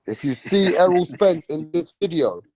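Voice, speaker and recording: A man hosting a casual live-stream about boxing, talking excitably and repeating himself with slang. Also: on the high side, moderate pace, slightly rough, no room sound, low-quality recording. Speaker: livestream boxing host.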